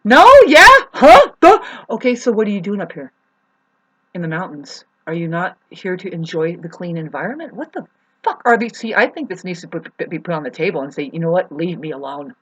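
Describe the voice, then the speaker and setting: A woman in an angry rant to camera about her neighbours, swearing, her voice swinging from shouting to low and sad. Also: lively intonation, a little fast, slightly rough. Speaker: vlogger. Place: home in the mountains.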